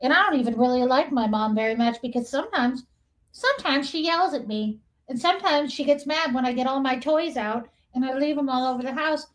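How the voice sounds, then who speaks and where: A woman's voice: sits high, fairly quick, pitched above the performer's own voice, lightly acted, poor audio. A woman voicing her pet dog as a whiny, childish little boy who rambles through his complaints. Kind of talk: livestream chat.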